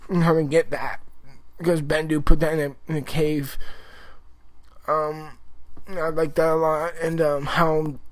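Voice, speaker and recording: Male TV reviewer, casual, excitable, rambling, full of fillers; voice sits a bit high. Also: measured pace, dry recording, rough recording. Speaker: TV episode reviewer.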